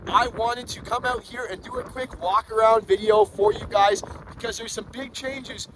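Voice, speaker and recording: Chatty guy w a higher voice doing a car walkaround, upbeat, bit of faint background noise. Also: steady tone, moderate pace. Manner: upbeat, chatty, pointing out features. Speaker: car reviewer, channel host. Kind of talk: casual walkaround product review. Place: outdoors beside a car, then inside it.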